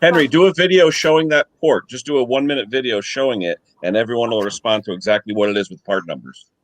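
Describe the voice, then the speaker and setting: A man's voice: mid-range voice, fast, no room sound, poor audio. A man on a live stream panel, chatting casually and joking while giving practical advice. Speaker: panel guest.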